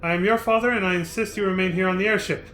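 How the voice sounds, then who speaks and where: A man's voice: high-pitched, steady tone, fast, a bit bright, faint music behind. A man reading the lines of a stern, grieving father from a game, formal and firm. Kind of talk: reading game dialogue aloud.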